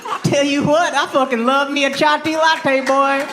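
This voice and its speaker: A man's voice: extremely high pitch, little pitch movement, normal speed, roomy sound, background noise, voice pushed up. A man putting on a hollering redneck cowboy. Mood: rowdy. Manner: hollering, whooping, drawling. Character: loud rowdy Texan redneck cowboy man. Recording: live stage recording with audience.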